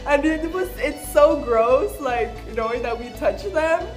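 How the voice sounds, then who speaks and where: A young woman recounts her childhood in a loose, chatty vlog, her voice sitting a bit high. She jumps into little acted-out bits of dialogue as she goes. Soft music plays faintly behind her. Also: normal speed, few pauses. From Southern California. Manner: chatty, animated, acts out quoted voices. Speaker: vlogger. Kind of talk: casual storytelling.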